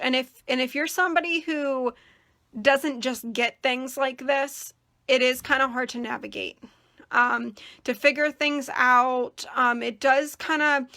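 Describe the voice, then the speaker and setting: Bright chatty young woman demoing crafts. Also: high voice. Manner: chatty, rambling, many fillers. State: losing her voice. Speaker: crafting channel host. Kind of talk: casual tutorial demonstration.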